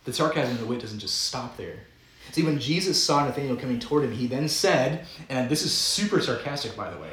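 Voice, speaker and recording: A man's voice: medium pitch, expressive, a little fast, a bit bright, reverberant, low-quality recording. A man preaching a sermon as pastor, in a conversational, playful way that often breaks into chuckles. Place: church sanctuary.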